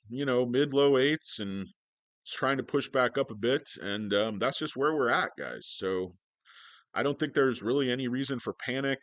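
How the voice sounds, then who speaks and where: A man's voice: mid-range voice, a bit bright, no room sound. A man hosting a stock-market livestream, joking, swearing and rambling as he greets viewers.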